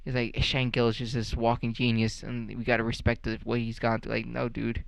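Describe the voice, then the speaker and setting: Young guy ranting and cussing, sarcastic, smooth clear voice, dry close sound. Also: mid-range voice, completely flat delivery, fairly quick, dry recording, rough recording. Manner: profane, sarcastic, rambling with many fillers. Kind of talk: casual rant.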